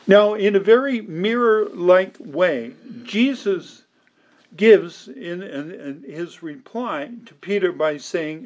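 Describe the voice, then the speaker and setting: A man preaching an expository sermon, deliberate and emphatic, quoting scripture aloud. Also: high voice. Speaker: pastor.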